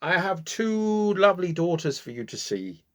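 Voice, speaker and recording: A man voicing a harsh, scheming stepmother who yells orders in a storybook reading. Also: high voice, very animated, moderate pace, pitched above the performer's own voice. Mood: sugary. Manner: loud, bossy, yelling.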